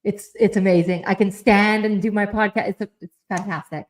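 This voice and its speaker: A woman's voice: mid-range voice, fairly quick. Young woman from canada, giggly guest on a stream, laid-back chat. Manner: giggly, relaxed, laughs often. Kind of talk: casual chat on a live stream.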